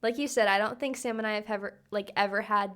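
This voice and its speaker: A woman's voice: medium pitch, fairly even intonation, fast talker, fairly bright tone, smooth. A young woman co-hosting a podcast, chatting casually with many fillers. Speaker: podcast co-host. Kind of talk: casual chat.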